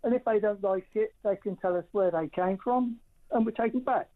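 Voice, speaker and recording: An older caller, plain-spoken and low-key in manner. His voice comes through a tinny phone line. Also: normal speed.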